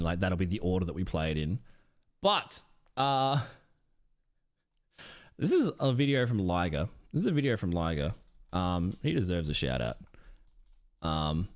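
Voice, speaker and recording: A man chatting casually on a live stream, rambling with lots of ums and swearing. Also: lowish voice. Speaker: Twitch streamer.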